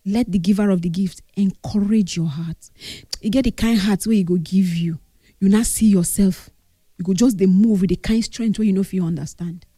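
A woman's voice: medium pitch, moderate pace, mellow, breathy edge, dry recording, clean studio sound. Grieving Nigerian woman, earnest tribute. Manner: earnest, mixes English with Pidgin. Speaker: grieving friend giving a tribute. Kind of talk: emotional spoken tribute.

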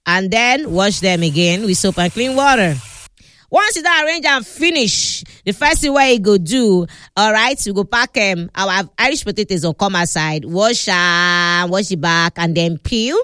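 Nigerian lady hosting a cooking show, chatty and teasing, smooth clear voice, dry close sound. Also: mid-range voice, expressive, a little slow, a bit bright, dry recording. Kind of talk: lively cooking demonstration in pidgin. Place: studio.

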